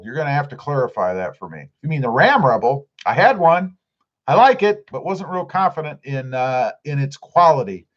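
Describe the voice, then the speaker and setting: A man's voice: a little high, dull audio. A man hosting a casual livestream, reading out viewer comments and answering each one. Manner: reads viewer comments aloud and answers them. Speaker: livestream host reading chat.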